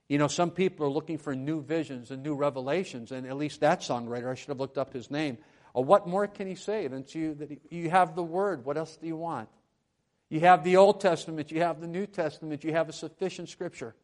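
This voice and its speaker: A man preaching a sermon at a church lectern, moving between quiet conversational asides and loud, emphatic proclamations. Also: on the high side, fast talker. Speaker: pastor.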